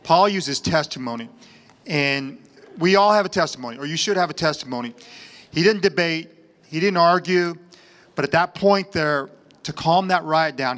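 A man's voice: fairly high pitch, normal speed, a bit bright. A man giving a plainspoken personal testimony at church, earnest with a light joking touch.

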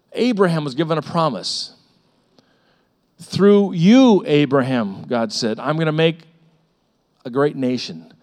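A middle-aged man preaching a sermon as a pastor, telling stories with lively repetitions and acting out the voices of the people in them. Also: mid-range voice. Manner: animated storytelling with frequent repetitions and acted-out voices.

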